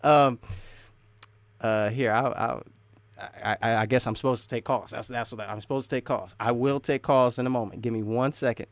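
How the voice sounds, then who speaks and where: A man's voice: medium pitch, fairly even intonation, fairly quick, no room sound. A man hosting a casual live stream, rambling and restarting sentences as he chats with viewers. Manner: rambling, restarts often, laughs between thoughts.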